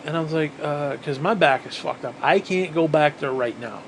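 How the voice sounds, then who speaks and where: A man telling a story casually, animated, swearing often and repeating phrases for emphasis, sounding tired. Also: a little high, moderate pace, hardly any pauses, slight background noise, low-quality recording. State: physically exhausted.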